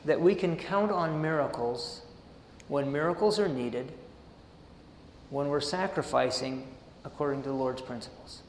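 A man's voice: fairly high pitch, unhurried, pauses often, a little hiss or hum. A man preaching a sermon, reading passages aloud and breaking into casual, chuckling asides. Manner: reads passages then riffs casually with laughs and asides. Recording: roomy hall with long reverb.

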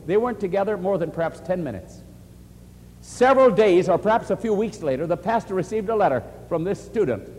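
A man preaching and answering questions, earnest and animated, often quoting scripture. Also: high voice, brisk, big-room sound, slight background noise. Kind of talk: sermon-style question and answer.

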